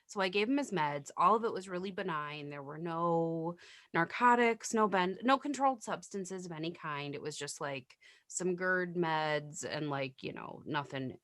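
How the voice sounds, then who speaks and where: A woman's voice: on the low side, normal speed, a bit bright, dry recording, studio quality. A woman nurse in casual podcast chat, telling work stories bluntly and swearing freely.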